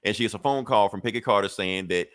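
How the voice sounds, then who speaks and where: A man's voice: lowish voice, fast, a bit bright, no echo, clean studio sound. A man co-hosting a podcast, retelling a comic episode in a loose, rambling, profane way. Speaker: podcast co-host. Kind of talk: casual comic recap.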